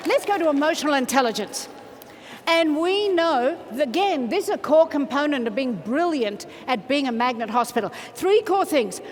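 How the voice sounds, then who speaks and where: A woman motivational speaker, giving an energetic, playful keynote in a large conference hall and leading the crowd in chants. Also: high voice, slight background noise. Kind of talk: keynote speech to a large audience. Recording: reverberant hall from a stage mic.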